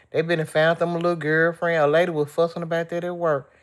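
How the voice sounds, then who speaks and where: A middle-aged woman on a livestream, speaking softly and emotionally as she vents and chats with her viewers, calling them y'all and reading out their comments. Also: deep voice, level tone, fairly quick. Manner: soft, tearful and emotional, venting; chatty, addressing viewers as y'all. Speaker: vlogger on a livestream. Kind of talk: casual live-stream chat, reading out comments.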